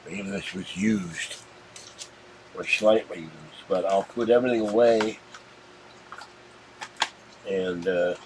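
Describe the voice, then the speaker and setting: A man's voice: deep voice, slow, long pauses, background noise. A man from Pittsburgh hosting a casual unboxing vlog, talking to the camera in a rambling, meandering way. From Pittsburgh, USA. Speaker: channel host.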